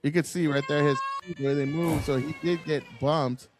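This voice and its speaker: A man's voice: on the high side, fairly even intonation, normal speed, music in the background. A man giving heated solo commentary to camera, swearing often and rambling with frequent restarts. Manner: profane, agitated, rambling with restarts.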